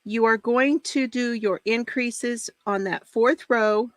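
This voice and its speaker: Brief: excitable woman host, higher voice, dry close sound, chatty knitting tutorial. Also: slow, no room sound. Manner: bubbly and excitable, laughs often. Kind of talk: casual crafting chat.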